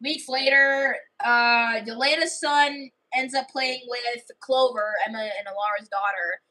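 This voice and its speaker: Bright, high-voiced woman rambling through a story. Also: fairly even intonation, a little slow, rough recording. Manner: rambling, lots of fillers and restarts. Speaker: livestreamer. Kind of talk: casual storytelling livestream.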